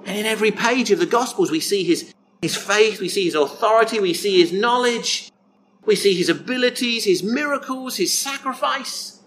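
A man preaching a sermon in a slow, reflective way, repeating phrases and asking rhetorical questions. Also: high-pitched, fairly bright tone, a little hiss or hum, poor audio.

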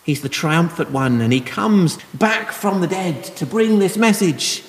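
Guy preaching gently, kinda high voice, echoey church hall sound. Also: lively intonation, a little slow. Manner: gentle, conversational explaining with soft laughs. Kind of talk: sermon. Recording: long reverb of a hall.

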